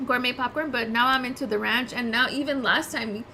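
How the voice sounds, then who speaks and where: Bubbly high-voiced woman livestream host. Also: fairly quick, bright, forceful tone, a little hiss or hum. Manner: bubbly, laughs often. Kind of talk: casual livestream chat.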